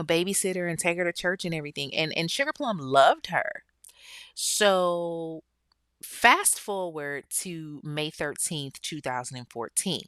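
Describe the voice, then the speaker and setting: A woman host tells a true-crime story in a loose, blunt way. She swears freely and keeps turning to her listeners. Her voice sits low and the recording is close and dry. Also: fairly bright tone, smooth, no room sound. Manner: chatty, blunt and profane, with frequent asides to listeners. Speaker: podcast host.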